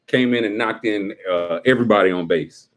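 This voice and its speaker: A man casually chatting with his livestream viewers, joking around and breaking into quick impressions. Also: lowish voice.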